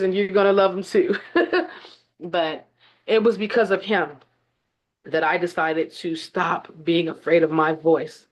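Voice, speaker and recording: Tearful woman sharing her story. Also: fairly low pitch. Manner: tearful, heartfelt, speaks directly to the audience. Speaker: event host and speaker. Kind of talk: emotional testimony on a video call. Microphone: video call.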